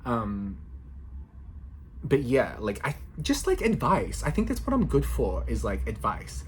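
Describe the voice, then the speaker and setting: A man in his thirties talks casually to his viewers, slangy and teasing, with frequent laughs. His voice is animated, swinging widely in pitch. A faint hiss sits under the recording. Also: measured pace. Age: 30s. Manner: chatty, playful, slangy, laughs often. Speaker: law student vlogger. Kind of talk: casual chat to camera.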